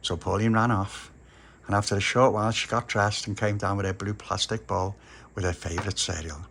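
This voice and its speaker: A man's voice: on the low side, steady tone, a little fast, fairly bright tone, slight background noise. A man narrating a homely children's story in a chatty way.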